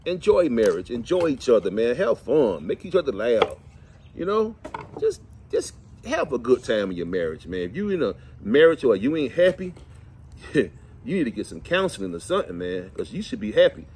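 A middle-aged man, chatting and telling folksy, animated stories to the camera outdoors while cleaning fish. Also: medium pitch, moderate pace, a little hiss or hum. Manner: folksy, animated, preachy asides. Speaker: vlog host. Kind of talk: casual storytelling chat.

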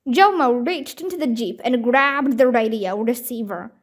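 A woman reading a children's storybook aloud clearly and deliberately. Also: fairly high pitch. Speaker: storybook reader. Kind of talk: children's book read-aloud.

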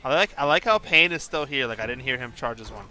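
A man's voice: mid-range voice, animated, quick pace, sharp tone. A young man streaming a team game, bantering, laughing and swearing with teammates. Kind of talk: casual gaming chat with teammates.

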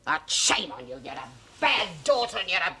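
A woman's voice: lowish voice, big pitch swings, normal speed, a crowd in the background. An actress playing a worldly mother who pleads with her cold daughter, swinging between bluster and pleading, in a period film drama. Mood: indignant. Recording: old film soundtrack with faint hiss.

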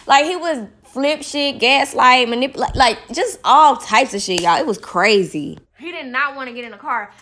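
A young woman in a casual storytime vlog, talking in an animated way, full of "like" fillers and swearing as she recounts a night out. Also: high-pitched, normal speed, few pauses, slight background noise. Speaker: vlogger telling a personal story.

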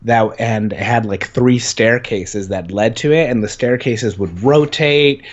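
A man's voice: medium pitch, measured pace, dull audio. A young man as an interview guest, telling stories in a rambling, eager way, full of fillers. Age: young adult. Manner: rambling, many "like" fillers, enthusiastic storytelling. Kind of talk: casual conversation.

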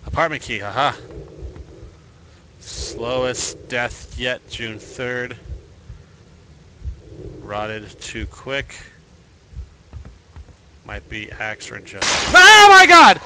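A man's voice: medium pitch, fairly even intonation, extremely slow, pauses often, background noise. A man giving horror game commentary, narrating his own moves with joking asides to himself. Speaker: let's play host.

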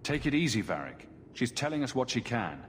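An actor voicing a calm, steady male hero in a fantasy video game, measured and reassuring. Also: mid-range voice, a little hiss or hum, natural voice.

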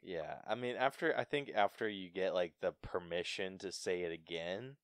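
Man, podcast co-host, low voice, laid-back, dry close sound. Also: normal speed, smooth, dry recording. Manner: laid-back, laughs easily, casual swearing. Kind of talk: casual film review chat.

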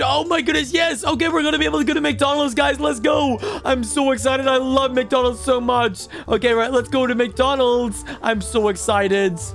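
Man playing a greedy little toddler, very high squeaky voice, game music faint underneath. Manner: high babyish voice, excitable gaming chatter. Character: mischievous toddler boy, excitable and greedy. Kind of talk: gameplay commentary in character.

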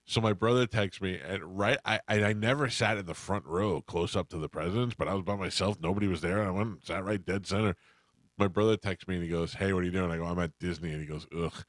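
A middle-aged man hosts a radio show, rambling through a story and playing every person in it. His voice sits very low. The studio sound is dry and close. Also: fast talker, no echo. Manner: rambling anecdotes, acts out quoted voices. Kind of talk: casual storytelling chat.

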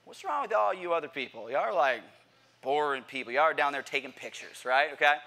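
A man preaching a sermon to a church congregation, animated and playful, asking the crowd questions and acting out what people say. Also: fairly high pitch, a little fast, creaky. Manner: animated, playful, acts out quotes; addresses congregation directly with questions. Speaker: pastor. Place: church sanctuary.

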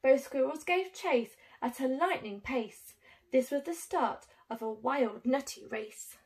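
A woman teacher reading a rhyming picture book aloud to young children in an expressive, sing-song way. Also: high voice, a little slow.

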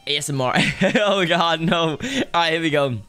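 A man's voice: fairly high pitch, normal speed, sharp tone, smooth, faint music behind. A young man live-streaming a game, chatting casually and greeting viewers in the chat one after another.

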